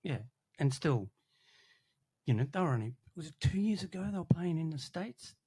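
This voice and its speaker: A man in casual podcast chat, who talks thoughtfully and answers others with quick, agreeable affirmations. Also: a little high, animated, mellow, husky.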